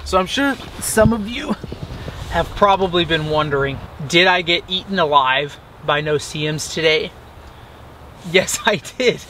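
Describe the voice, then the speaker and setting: A young man chatting casually while vlogging from a beach campsite, upbeat and quick to laugh. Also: fairly high pitch, fairly bright tone, slight background noise. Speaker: outdoor adventure vlogger. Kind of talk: casual camp vlog narration.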